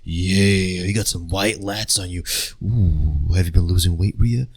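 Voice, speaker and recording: A man voicing a sleazy, leering grown man who croons crude lines in a low, drawn-out voice. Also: darkish tone, slightly rough, exaggerated voice.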